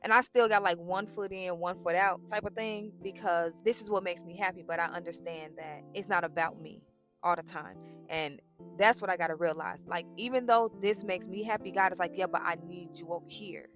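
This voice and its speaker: Animated woman in a casual faith vlog. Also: on the low side, moderate pace, soft background music. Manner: animated, acts out dialogues with God. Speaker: vlogger. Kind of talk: casual faith talk to camera.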